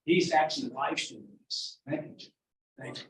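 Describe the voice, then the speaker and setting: A man's voice: fairly high pitch, normal speed, fairly bright tone, reverberant, distant mic, low-quality recording. A man in his sixties emceeing an event with rambling, joking stage banter and loose asides. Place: event venue.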